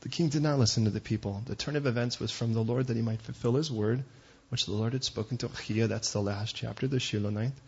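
A man preaching a sermon as pastor, conversational with joking asides and quick digressions. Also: medium pitch, gravelly, slightly rough, lo-fi sound.

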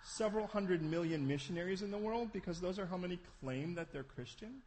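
A man preaching a sermon, animated, acting out scenes with voices. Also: high-pitched, fairly quick. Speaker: pastor.

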